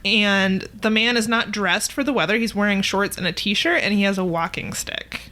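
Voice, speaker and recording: A woman's voice: medium pitch, steady tone, normal speed, sharp tone. A woman co-hosting a podcast, recapping a TV episode in a dry, wry casual chat. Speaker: podcast co-host.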